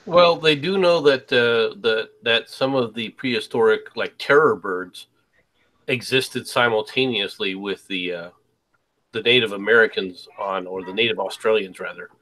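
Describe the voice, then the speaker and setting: A man on a podcast explaining a point haltingly, with many restarts and fillers. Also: on the low side, sharp tone, rough recording. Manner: halting, searching for words, explanatory. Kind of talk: casual chat.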